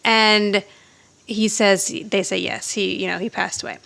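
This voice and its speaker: A woman's voice: medium pitch, steady tone, unhurried, gravelly, a bit bright. Chatty woman recapping a TV episode. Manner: retells scenes in detail, laughs often. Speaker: podcast co-host. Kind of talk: casual episode recap chat.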